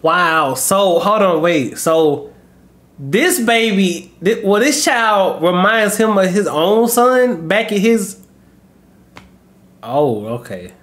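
A man's voice: sits high, lively intonation, slow pace, a bit bright. Sick, coughing man chatting to viewers. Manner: rambling, addresses viewers as y'all. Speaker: YouTube reaction host. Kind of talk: casual chat to viewers.

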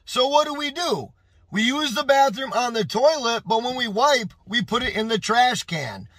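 Male vlogger with a high voice and a dry, close sound, telling a story in a casual, animated way. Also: moderate pace, no echo. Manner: animated, exclaiming, repeating phrases. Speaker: YouTube storyteller.

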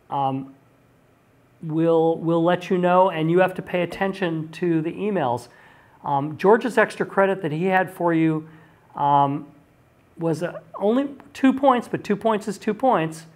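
Man lecturing casually, many ums. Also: a little high. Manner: chatty, frequent ums, restarts sentences. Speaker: university lecturer. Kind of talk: recorded online lecture.

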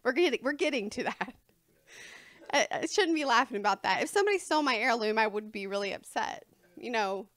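Woman preacher, informal conversational sermon, slightly high voice, dry close sound. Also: animated, fairly quick, a bit bright, dry recording. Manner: chatty and informal, laughing between points. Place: church sanctuary before a congregation.

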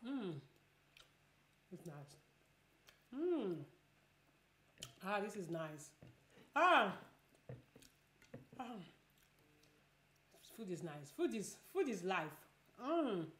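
A woman's voice: medium pitch, very animated, very slow, pauses often, a bit bright. Chatty woman vlogger in an echoey room. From Nigeria. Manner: chatty, repeats words for emphasis, eats between phrases. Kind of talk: casual mukbang vlog chat.

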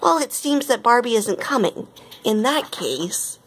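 A woman's voice: on the high side, animated, a little slow, husky, pitched above the performer's own voice. A woman voicing a vain, jealous young rival model with a smug, sulky manner in a read-aloud storybook.

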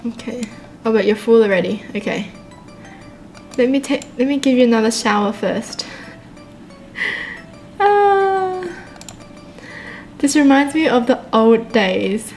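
A woman hosting a let's-play video, giggly and excitable, laughing often as she comments. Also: a little high, measured pace, pauses often, soft background music. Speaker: gaming video host.

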